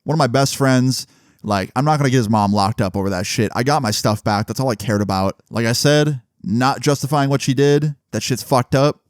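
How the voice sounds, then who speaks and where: A man's voice: mid-range voice, no echo, studio quality. A young man telling a long story casually, cursing freely and quoting the people involved. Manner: profane, rambling, retells dialogue in quotes.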